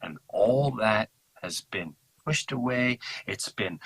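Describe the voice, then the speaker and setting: A man talking in an impassioned, animated way in a casual podcast conversation, acting out quotes in mocking voices. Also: on the low side, takes it slowly, husky, low-quality recording. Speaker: podcast guest.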